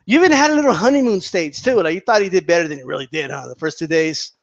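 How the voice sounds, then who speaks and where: A man's voice: high-pitched, animated, fast, few pauses, no echo, muffled recording. A man ranting casually to his viewers, heated and profane, mocking people and repeating himself for emphasis. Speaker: boxing commentator vlogger.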